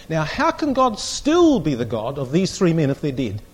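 A man's voice: mid-range voice, huge pitch swings, brisk, few pauses, slightly rough. A man teaching a Bible class, reading scripture aloud with strong emphasis and putting questions to the group.

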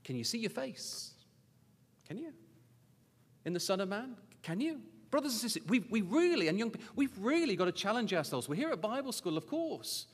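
A man delivers a sermon at a Bible school in a high, lively voice that leaps between registers. He presses his listeners with repeated questions, dropping to hushed, low scripture reading before rising to emphatic urging. His words ring with a long reverb through a large lecture hall. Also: normal speed, husky.

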